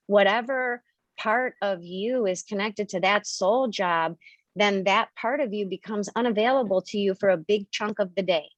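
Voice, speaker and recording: A woman's voice: mid-range voice, no echo. A woman hosting a spiritual members' call on video, explaining earnestly and acting out examples.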